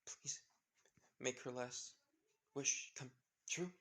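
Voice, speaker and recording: A man voicing a weak, dying young mother who speaks in soft, faltering near-whispers. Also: medium pitch, slow. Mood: fading.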